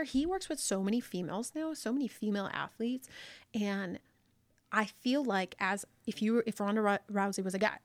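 A woman's voice: a little high, fairly quick, no room sound. A woman in a casual podcast chat, frank and outspoken, who swears freely.

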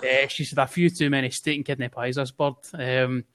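A man's voice: medium pitch, fairly even intonation, fairly quick, a bit bright. A man co-hosting a casual podcast chat, swearing freely and laughing at his own jokes. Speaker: podcast co-host.

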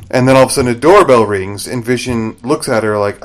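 Talking fast with few pauses, a podcast co-host with a medium-pitched voice gives a lively, casual recap of a TV episode. He performs the characters' lines as he goes.

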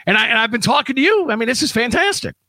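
A man's voice: extremely high pitch, very animated, racing, sharp tone, dry recording. A man hosting a casual show from his home studio, sarcastic and playful, often laughing at callers. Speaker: host. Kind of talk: casual online talk show. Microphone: studio mic.

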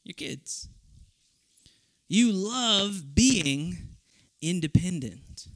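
A man from South Texas preaching to young people, animated and humorous, acting out voices in his stories. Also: high-pitched, drawn-out words. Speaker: youth camp speaker. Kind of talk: youth sermon with storytelling.

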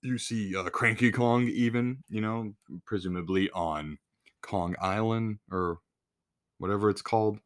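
A man's voice: lowish voice, unhurried. A man hosting a podcast in a casual solo rant, blunt and full of swearing. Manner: profane, blunt, exasperated. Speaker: podcast host.

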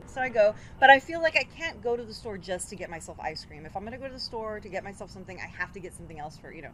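Animated woman telling a story. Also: medium pitch, racing, hardly any pauses, poor audio. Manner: animated storytelling, acts out her own quotes. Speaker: podcast co-host. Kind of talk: casual chat.

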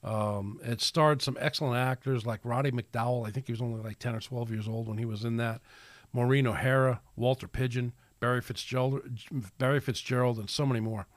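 A man's voice: mid-range voice, fairly even intonation, a little fast, no echo. A man hosting a casual solo podcast, rambling and preachy, with many restarts and fillers. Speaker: podcast host.

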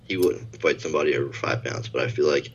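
Man, very low voice, dull lo-fi recording, hedging casual sports chat. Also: quick pace, slight background noise. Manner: rambling, hedging, many "like" and "I feel like". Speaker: podcast co-host.

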